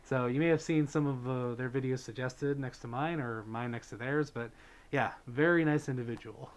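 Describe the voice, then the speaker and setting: A man chats easily on his livestream, reading out viewer messages and thanking donors along the way. He talks with a relaxed stream of ums and likes, at a middle pitch. The feel is loose and unscripted. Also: moderate pace. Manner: chatty, thanks donors, many fillers. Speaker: livestream host. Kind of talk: casual chat with viewers.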